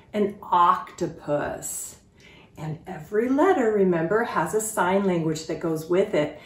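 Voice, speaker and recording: A woman leads a children's phonics lesson with an unhurried pace and a lively, sing-song pitch. She speaks clearly and encouragingly, drawing out each sound. Her voice carries some room echo, heard from a little way off the mic. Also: distant mic. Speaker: phonics teacher. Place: sitting on a stool in a room.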